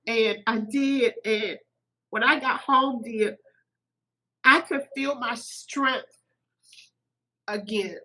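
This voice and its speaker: Bright-voiced woman telling an emotional story. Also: fairly high pitch, takes it slowly, long pauses, low-quality recording. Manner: animated, acts out quoted voices. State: a little teary-eyed. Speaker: podcast guest.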